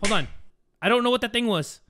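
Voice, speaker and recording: A man giving excitable let's-play commentary, shouting and swearing at the game. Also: extremely high pitch, quick pace, background noise. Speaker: gaming YouTuber.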